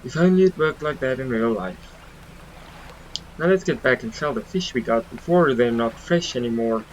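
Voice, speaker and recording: A man's voice: medium pitch, expressive, moderate pace, a little hiss or hum, poor audio. A man giving casual let's play commentary, chatty and joking, stumbling over words now and then. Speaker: gaming channel host.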